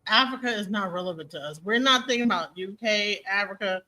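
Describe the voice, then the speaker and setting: An American woman streaming, reacting to a clip with blunt, profane, animated commentary. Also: medium pitch, a little fast, rough recording. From United States.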